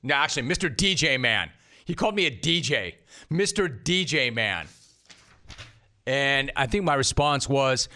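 A man's voice: medium pitch, animated, moderate pace, sharp tone. A man hosting sports talk radio, wisecracking and bantering about callers and guests.

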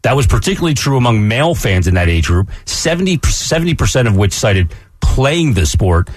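A man's voice: mid-range voice, big pitch swings, brisk, husky, dry recording. A man co-hosting a sports radio show, chatting casually and reading ads in an easygoing way. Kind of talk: casual radio chat and live read.

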